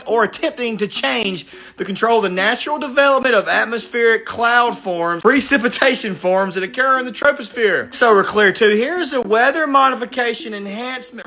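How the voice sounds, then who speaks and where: Bright high-voiced sarcastic man. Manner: chatty, sarcastic. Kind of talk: casual video commentary.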